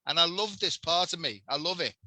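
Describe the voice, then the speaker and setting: Older Scouse man, bright and chatty. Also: a little high, lively intonation, brisk, no echo. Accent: Liverpool. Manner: chatty, storytelling, acts out quoted voices. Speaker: podcast host. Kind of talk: casual conversation.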